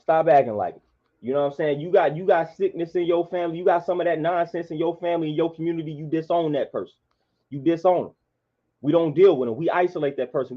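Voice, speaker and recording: A man, delivering an impassioned monologue in a preachy, repetitive, emphatic way. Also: fairly high pitch. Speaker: vlogger. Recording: dull lo-fi sound.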